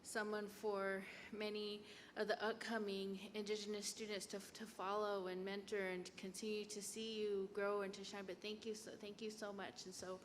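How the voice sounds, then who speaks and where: Quiet, emotional woman in a hall. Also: medium pitch, level tone. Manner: quiet, emotional, halting with repeats. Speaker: representative presenting gifts. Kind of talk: heartfelt public remarks. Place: lecture hall. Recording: reverberant hall with faint room noise.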